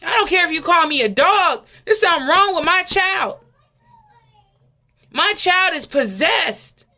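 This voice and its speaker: A woman preacher playing a desperate mother who pleads loudly and insistently for her possessed child. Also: very high-pitched, animated, a little slow, voice pushed up, heavily acted. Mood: pleading. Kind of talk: sermon.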